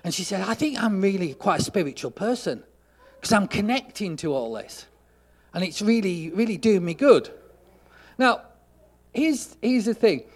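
A man preaching a sermon, telling a story and acting out the dialogue, getting loud for emphasis. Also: high-pitched, sing-song, moderate pace.

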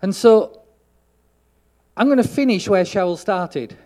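A man preaching a sermon, telling a story and acting out the dialogue, getting loud for emphasis. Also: sits high, animated, a little slow.

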